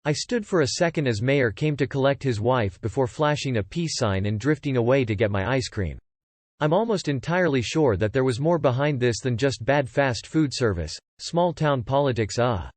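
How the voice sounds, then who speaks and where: A man narrating first-person stories in a plain, even reading style. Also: mid-range voice, normal speed, no room sound. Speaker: story reader. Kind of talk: scripted narration.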